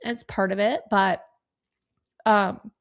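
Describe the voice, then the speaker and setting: Woman, 30s, podcast host, candid and sweary, gravelly tone, tearful and sniffly. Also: mid-range voice, steady tone, slow. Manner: candid, swears freely, lots of "like". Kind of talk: casual solo podcast talk.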